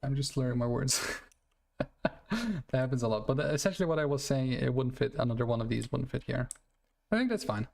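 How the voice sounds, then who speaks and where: A man's voice: medium pitch, steady tone, a little fast, vocal fry, a little mellow. A man streaming a city-building game, chatting casually as he plays, rambling and correcting himself with little laughs. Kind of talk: casual gameplay commentary.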